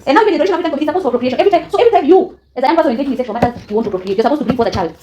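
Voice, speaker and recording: A woman's voice: high-pitched, animated, very fast, dark tone, slight background noise. A woman teaching a classroom lesson, often quizzing students with fill-in questions and laughing. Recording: echoey classroom with student chatter.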